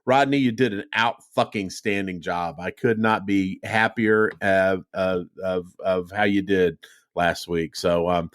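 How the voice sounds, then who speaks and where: A man's voice: deep voice, measured pace. A middle-aged man hosts a casual podcast chat. He rambles through stories, swears often and restarts his sentences as he goes. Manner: profane, rambling storyteller with frequent restarts. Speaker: podcast host.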